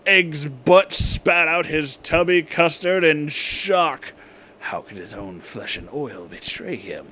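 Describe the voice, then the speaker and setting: Man reading a comedy story deadpan. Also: on the high side, takes it slowly. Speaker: narrator. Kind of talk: comedic fan-fiction reading.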